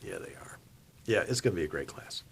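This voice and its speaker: A man's voice: low voice, lively intonation, brisk, creaky, very noisy. A middle-aged man from Virginia hosting a livestream, chatting casually and reading viewer comments in a folksy way. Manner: folksy, chatty, reads comments aloud and laughs. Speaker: livestream host.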